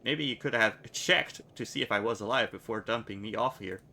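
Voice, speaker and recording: A man's voice: on the low side, a little fast, vocal fry, sharp tone, full character voice. A man voicing a blunt amnesiac male hero in a video game, plain and direct.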